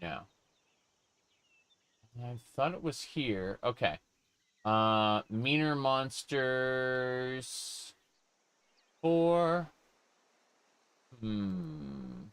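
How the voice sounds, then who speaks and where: A man's voice: fairly low pitch, big pitch swings, very slow, long pauses, clean tone. A man casually commenting on his game as he plays, reading chat aloud and joking along. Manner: playful, reads chat aloud and jokes in character. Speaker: gaming streamer. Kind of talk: casual live gameplay commentary.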